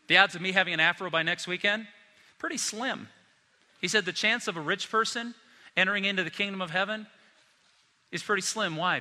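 A man preaching a sermon as pastor, animated and acting out the voices of the people he quotes. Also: high-pitched. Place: church hall. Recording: long reverb of a large hall.

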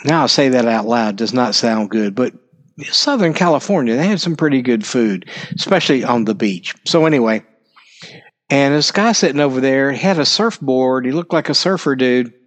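Middle-aged guy rambling on his podcast, lots of ums and asides, medium pitched voice. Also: expressive, normal speed. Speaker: podcast host. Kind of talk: casual monologue.

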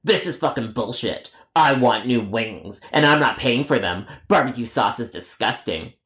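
A man's voice: medium pitch, lively intonation, fairly bright tone, lightly acted. A man voicing a rude, whiny grown man customer who trades insults and drags out his complaints in a storytime cartoon. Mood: stubborn. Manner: insulting, stubborn, drawn-out complaints.

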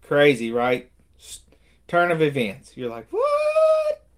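A man's voice: medium pitch, measured pace. A man co-hosting a podcast, casually reviewing films and acting out scenes with laughs. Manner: animated retelling, acting out movie lines with laughs. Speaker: podcast co-host. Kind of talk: casual movie review chat.

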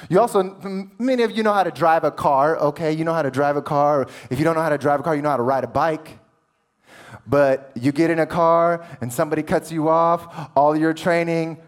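High-voiced, animated male preacher. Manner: animated preaching, swings between hushed and loud. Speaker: pastor. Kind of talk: sermon.

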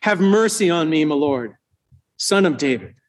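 A man voicing a desperate foreign mother, pleading loudly for her sick daughter. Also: fairly high pitch, animated, moderate pace, natural voice. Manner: urgent, raised pleading voice.

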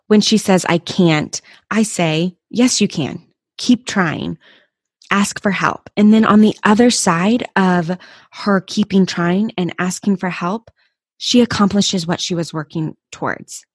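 A woman's voice: lowish voice, a little mellow, slightly rough, dry recording, clean studio sound. A woman in her thirties hosting a motivational solo podcast, talking in a candid, personal and encouraging way. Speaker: podcast host.

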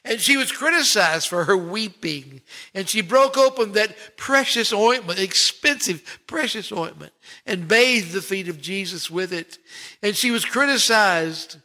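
A man preaching a sermon in a high, bright voice. He leans on single words, slows to a near stop, then lifts again in rising swells. His delivery is deliberate and heartfelt, built for a congregation. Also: animated. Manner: preaching with dramatic pauses and swells. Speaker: pastor.

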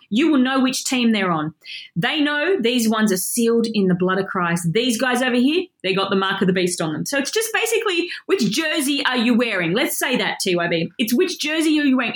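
A woman giving an energetic Bible lesson, reading scripture aloud and commenting emphatically. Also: sits high. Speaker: Bible teacher. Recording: echoey room.

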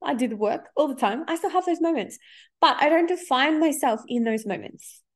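A woman's voice: high-pitched, expressive, brisk. A woman in her thirties, a life coach, talking candidly in a casual podcast monologue and swearing freely.

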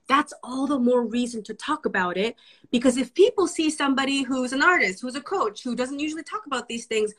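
A woman's voice: on the high side, expressive, a little fast, a bit bright, rough recording. A woman hosting a live-stream conversation who affirms her guest, rephrases her points and encourages her audience.

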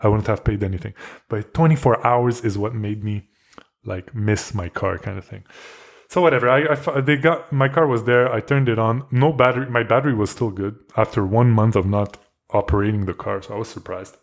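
A young podcast host with a fairly low voice rambles through a story on his own. He swears freely and stumbles over restarts and fillers as he talks. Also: a little fast. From Canada. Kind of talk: casual solo storytelling.

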